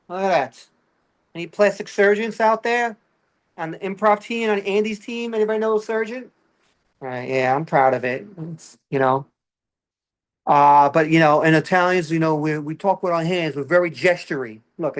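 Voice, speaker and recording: A man with a Brooklyn accent doing a stand-up comedy routine, animated and chatty, peppering his talk with "all right" as he addresses the audience. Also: on the high side. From Brooklyn, New York.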